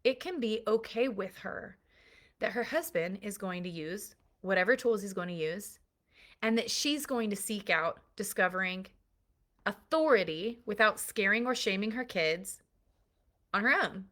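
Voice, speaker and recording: A woman's voice: medium pitch, expressive, a little slow, a bit bright. A woman parenting coach giving an earnest, emphatic recorded lesson built on analogies.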